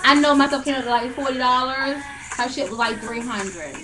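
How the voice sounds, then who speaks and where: A young woman telling a long story in casual chat, animated and profane, laughing often. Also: high-pitched, brisk.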